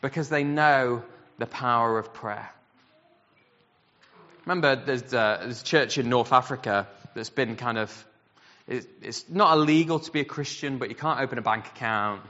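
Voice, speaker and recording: Guy preaching, bright tense voice, big echoey church hall, kinda muffled. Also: medium pitch, moderate pace. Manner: animated storyteller, acts out quoted voices. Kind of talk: sermon storytelling. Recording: dull sound with long hall reverb.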